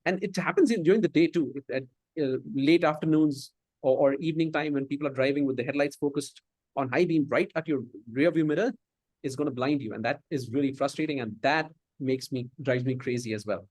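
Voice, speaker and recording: A man with an Indian English accent hosting a speaking club meeting, sometimes halting and restarting as he searches for words. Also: medium pitch, a little mellow, no echo. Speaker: Toastmaster of the Day.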